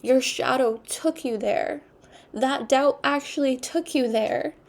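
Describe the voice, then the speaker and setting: A woman giving an intuitive tarot card reading, speaking in an unhurried, earnest way and repeating her spiritual phrases. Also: sits high, gravelly. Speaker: tarot reader.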